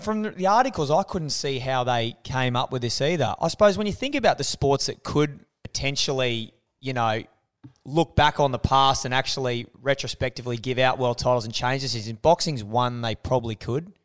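A man's voice: mid-range voice, moderate pace. An Australian man co-hosting a sports podcast, easygoing and casual in his chat. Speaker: co-host.

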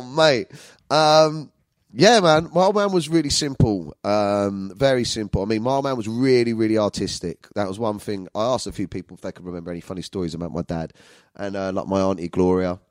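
A man's voice: lowish voice, a little fast, dry recording. A man, a comedian telling rambling, sweary stories about his family. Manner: sweary, rambling, with frequent fillers. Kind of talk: storytelling monologue.

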